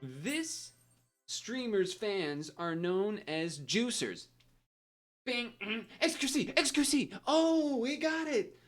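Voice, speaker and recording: A man putting on the voice of an excited male trivia game show host, announcing questions. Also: high voice, slow, faint music behind, voice pushed up. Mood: hyped. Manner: announcing, exclaiming.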